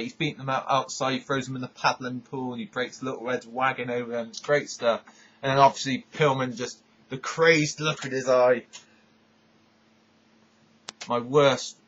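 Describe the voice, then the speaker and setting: A husky-voiced man rambles eagerly through a casual countdown, often cutting himself off mid-thought. His voice sits in a middling pitch. The recording sounds dull and lo-fi, like a cheap home setup. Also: fairly bright tone. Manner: rambling, enthusiastic, self-interrupting. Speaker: vlogger.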